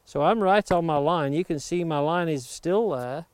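A man's voice: a little high, moderate pace, clean tone, no echo. Man demonstrating axe carving outdoors. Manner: steady, patient, safety-minded explaining. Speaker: woodworking instructor. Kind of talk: hands-on demonstration. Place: outdoors near the coast. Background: axe chopping clicks.

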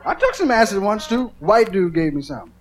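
An older man telling rambling, profane stories, laughing and swinging from mutters to shouts. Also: high-pitched, big pitch swings, normal speed, slight background noise. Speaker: storyteller. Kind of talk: profane anecdotal storytelling. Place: outdoors.

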